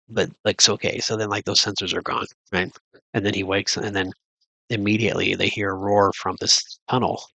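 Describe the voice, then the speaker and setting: A man's voice: lowish voice, creaky, sharp tone, husky, dry recording, low-quality recording. A man recapping a movie in a casual, rambling way, full of fillers and restarts. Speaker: movie reviewer. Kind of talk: casual spoken film recap.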